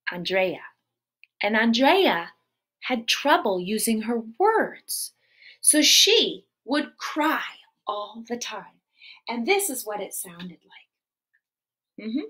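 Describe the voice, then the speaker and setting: A woman storyteller for preschoolers, high and bright, with a voice that swoops up and down in a lively sing-song. She takes her time, speaking slowly and clearly while addressing the children directly. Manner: animated, sing-song, talks straight to the kids. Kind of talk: preschool storytelling live stream.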